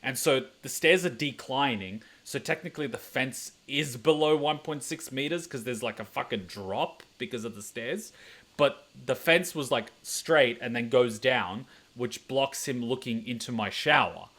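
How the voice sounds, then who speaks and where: Young man, casual storytelling, profane, rambling, mid-pitched voice. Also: unhurried, fairly bright tone. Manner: rambling, profane, laughs a lot, acts out voices. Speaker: anime reaction channel host.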